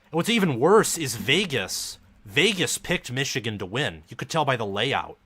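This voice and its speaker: Bright-voiced frustrated man commenting live. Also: mid-range voice, sing-song, moderate pace, breathy edge. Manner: frustrated, dejected fan talk. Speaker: live stream host.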